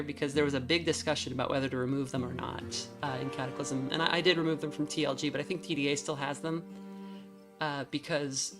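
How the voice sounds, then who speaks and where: A chatty woman streamer with a low voice, reading a story game aloud. She breaks off into casual asides full of fillers, while clear music plays behind her. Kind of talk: game let's play with narration.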